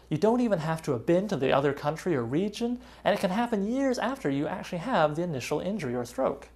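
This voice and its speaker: A woman's voice: low voice, darkish tone. A woman hosting a web show, delivering a scripted comic monologue in a wry, sardonic way.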